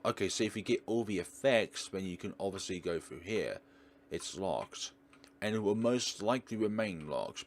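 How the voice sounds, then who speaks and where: A man's voice: low-pitched, slight background noise. A man hosting a let's play, giving chatty, rambling gameplay commentary with jokes.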